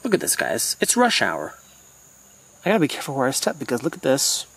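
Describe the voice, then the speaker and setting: A man's voice: mid-range voice, fairly quick, vocal fry, husky. Chatty man vlogging in the rainforest. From United States. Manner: chatty, excitable, addresses viewers as guys. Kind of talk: casual vlog walk-and-talk. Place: rainforest trail outdoors at dusk.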